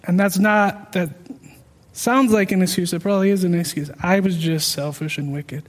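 Man with a very high voice, earnest and self-deprecating testimony, long reverberant hall. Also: fairly even intonation, moderate pace. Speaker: speaker sharing a personal testimony. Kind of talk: personal testimony storytelling.

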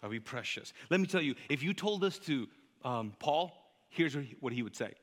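Male pastor preaching, high tense voice, lots of hall echo, gets fired up and jokey. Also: normal speed. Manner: animated, joking preacher who gets louder and higher while telling a story. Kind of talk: sermon. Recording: reverberant hall.

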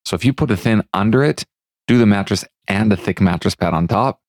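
A man co-hosting a casual podcast, reading out listener tips in an easygoing way with fillers and pauses. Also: lowish voice, a little mellow, no room sound, clean studio sound. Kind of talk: casual chat.

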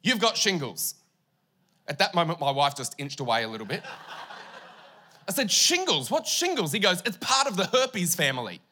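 A man's voice: fairly high pitch, sing-song, normal speed, pauses often, pushed and bright. A young Australian man preaching a sermon as pastor, telling a story with comic asides to the congregation. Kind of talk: humorous sermon.

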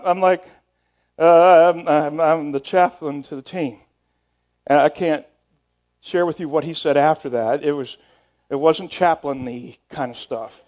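A man's voice: a little high, a little mellow. A middle-aged male pastor telling a story in a sermon, casual and self-deprecating, often repeating and restarting words.

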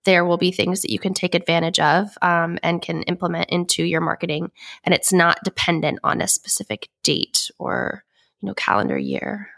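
A woman co-hosting a marketing podcast, her voice raspy and gravelly from weeks of illness, explaining in a relaxed way with many fillers. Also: fairly low pitch. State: sick with a cough. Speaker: podcast co-host. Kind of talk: casual podcast chat.

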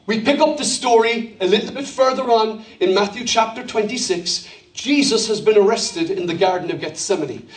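An Irish pastor with an unusually high voice delivers an emphatic, storytelling sermon and calls on the room to respond. His voice echoes through a roomy hall and sounds set back from the microphone. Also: moderate pace. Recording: roomy hall, mic at a distance.

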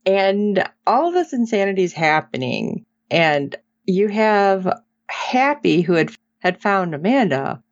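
A woman's voice: medium pitch, slow pace, no room sound. A woman co-hosting a casual podcast, retelling a TV episode with laughter and acted-out quotes. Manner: animated retelling, acts out quotes, laughs often. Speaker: podcast co-host recapping a TV episode. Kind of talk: casual chat. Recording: dull lo-fi sound.

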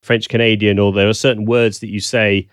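A man's voice: on the low side, level tone, brisk, no echo, studio quality. A man from the south of England with a Southern English accent, a guest on a video call interview, talking thoughtfully with frequent ums. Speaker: guest, language consultant. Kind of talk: casual interview chat.

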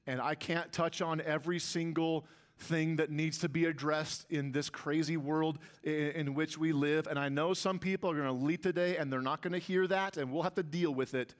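A man's voice: on the high side, steady tone, moderate pace. A man preaching a sermon as pastor, with emphatic delivery that rises and swells on key lines.

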